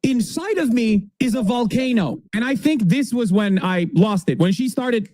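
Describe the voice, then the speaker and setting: A man with a very high voice jokes and mocks his way through a debate clip, animated and sarcastic. The sound is dry and close. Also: moderate pace, dry recording. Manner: mocking, animated, jokey. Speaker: reaction commentator. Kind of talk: comedic reaction commentary.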